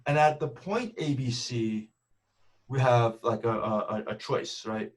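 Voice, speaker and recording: A man's voice: mid-range voice, takes it slowly. A man giving a math seminar talk over a video call, explaining step by step and often checking in with "right?". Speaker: math speaker.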